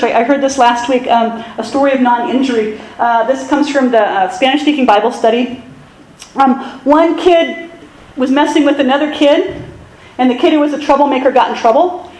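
A woman pastor giving a sermon in a conversational, self-deprecating way with animated asides. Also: high-pitched, reverberant, slight background noise, poor audio.

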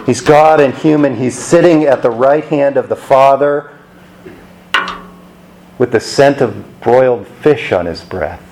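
A man's voice: mid-range voice, measured pace, a little mellow, slight background noise, low-quality recording. Guy giving a sermon, takes his time, talks like he's chatting with you. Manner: conversational, with rhetorical questions. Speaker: preacher.

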